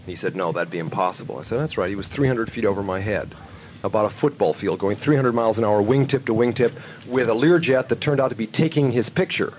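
Rambling male storyteller, lively. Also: lowish voice, fast, slight background noise, poor audio. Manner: rambling, animated storyteller who acts out phone calls. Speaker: radio show host. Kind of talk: loose studio chat and storytelling.

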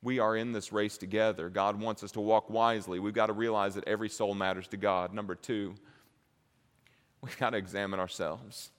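A man preaching a sermon, moving from low, slow passages to loud, high-pitched crescendos. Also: little pitch movement. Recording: long reverb of a hall.

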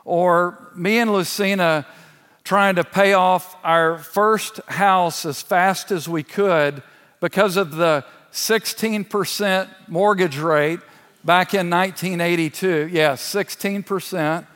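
A man's voice: high voice, takes it slowly, a bit bright. A man in his sixties, a church elder, giving a sermon as an earnest personal testimony with touches of laughter. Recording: long hall reverb.

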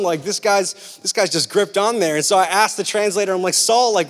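Young guy preaching, high voice, chatty and animated, big echoey hall. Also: normal speed, few pauses. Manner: animated and casual, fillers like "right?" and "like". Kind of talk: sermon with personal story. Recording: long hall reverb.

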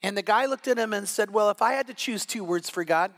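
A man preaching a sermon, retelling a story in a lively way and acting out the people in it with a changing voice. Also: high-pitched, a little fast. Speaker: pastor.

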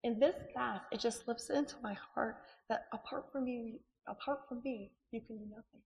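A woman's voice: on the high side, normal speed, gravelly. Chatty woman preaching in an echoey hall. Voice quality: voice strained. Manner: chatty and animated, frequent asides and laughter. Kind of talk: sermon.

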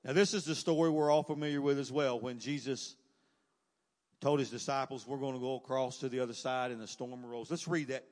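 Preacher, echoing church hall. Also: male voice, mid-range voice, fairly even intonation, a little fast. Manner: swells from quiet asides to loud, emphatic cries. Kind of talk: sermon.

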